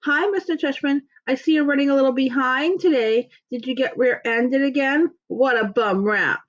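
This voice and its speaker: A woman reading aloud, putting on a high, fake old lady voice in a playful, sing-song way, on a dull lo-fi recording. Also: moderate pace, natural voice. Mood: teasing.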